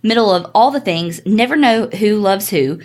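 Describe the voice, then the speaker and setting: A blunt, sardonic woman co-hosts a casual podcast. Her pitch swings widely as she talks, and she swears freely. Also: lively intonation, normal speed, a little mellow. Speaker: podcast co-host. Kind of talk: casual chat.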